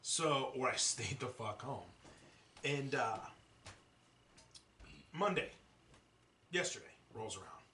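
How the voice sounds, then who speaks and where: A man hosting a podcast, telling a story in a casual, profane, animated way. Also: mid-range voice, slow pace, pauses often, slight background noise. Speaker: podcast host. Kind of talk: casual chat. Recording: echoey room, distant mic.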